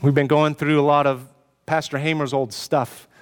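A man's voice: fairly high pitch, level tone, normal speed, clean tone. Earnest man preaching in a reverberant hall. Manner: earnest, pleading preaching with repeated rhetorical questions. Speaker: pastor. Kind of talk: sermon.

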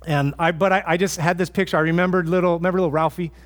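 A man's voice: high voice, steady tone, very fast. A man preaching a sermon as pastor in a church, earnest and conversational, often restarting his phrases.

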